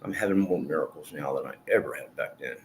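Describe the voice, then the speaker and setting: Deep-voiced man telling a rambling testimony. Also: quick pace. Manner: rambling, earnest, swears freely. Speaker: streamer. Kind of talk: emotional personal testimony. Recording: echoey room with faint noise.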